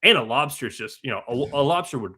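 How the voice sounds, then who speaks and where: Bright-voiced, opinionated young man. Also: medium pitch, expressive, husky. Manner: emphatic, opinionated, fast rants. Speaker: co-host analyst. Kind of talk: casual sports betting chat.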